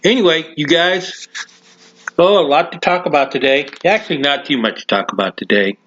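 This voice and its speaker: A man's voice: on the high side, normal speed, fairly bright tone, dull audio, a little hiss or hum. A man hosting his own talk podcast, rambling casually with many fillers and restarts. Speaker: podcast host.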